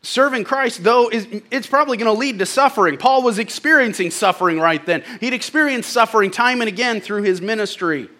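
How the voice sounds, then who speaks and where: High, bright-voiced male preacher. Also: fairly quick, few pauses. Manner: dramatic swings between loud exclamations and hushed lines; folksy asides and humor. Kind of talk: sermon.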